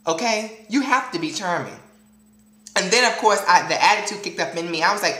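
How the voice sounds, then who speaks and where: A man speaks straight to his viewers in a casual storytelling vlog, animated and dramatic with plenty of sass. His voice rings out in an echoey room, picked up by the camera mic. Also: high-pitched, brisk. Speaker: vlogger addressing viewers.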